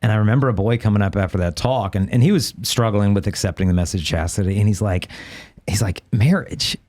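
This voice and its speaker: A middle-aged man, a guest on a podcast, telling lively anecdotes in a casual way with frequent restarts. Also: lowish voice, quick pace. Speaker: guest speaker.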